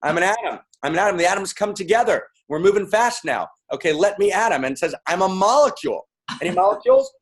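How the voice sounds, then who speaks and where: A man's voice: high-pitched, animated, fast. A man giving a playful, interactive talk to a live audience, calling out to them and repeating lines. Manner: playful, repetitive, calling out to the crowd. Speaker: speaker.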